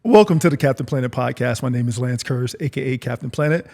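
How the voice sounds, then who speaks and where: A man hosting a casual interview podcast, relaxed and chatty, often repeating his words as he asks follow-up questions. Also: mid-range voice, fast talker, vocal fry. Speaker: podcast host. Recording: long reverb.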